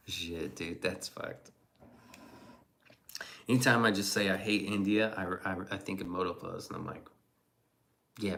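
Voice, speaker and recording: A man's voice: low-pitched, gravelly, pushed and bright. A man streaming casually and reacting to chat, rambling and profane with chuckling asides.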